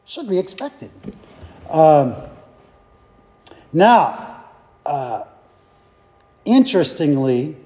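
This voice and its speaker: A man's voice: fairly high pitch, big pitch swings, very slow, pauses often, dark tone, big-room sound. A man leading an informal Bible study, teaching conversationally and putting questions to his group.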